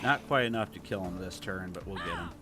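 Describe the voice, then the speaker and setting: A man with a Toledo, Ohio twang hosts a relaxed gameplay stream in a low-pitched voice. He rambles easily and reads out comments from viewers, with faint music playing underneath. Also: a little fast. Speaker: livestream host. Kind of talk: casual gameplay livestream chat.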